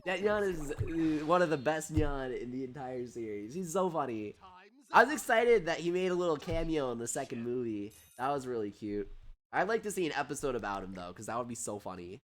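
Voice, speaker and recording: A man hosting a livestream, giving excitable, chatty commentary on a mobile game while reading out viewer questions. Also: mid-range voice, a little fast. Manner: excitable, animated and chatty, often breaking into laughter. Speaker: streamer and host. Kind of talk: live gameplay commentary reading chat.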